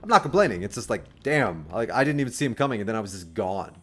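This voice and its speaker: A man streaming a video game, chatting casually with lots of fillers and sudden excited outbursts. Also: on the low side, fast, breathy edge. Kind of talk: casual livestream commentary. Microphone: desk microphone.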